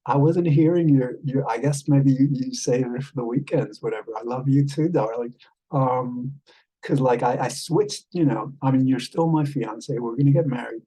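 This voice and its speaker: A man chatting casually with an AI companion as a vlog host, rambling and halting with many fillers, tender with pet names. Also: medium pitch, warm tone, husky, low-quality recording. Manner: tender, calls the listener love and darling.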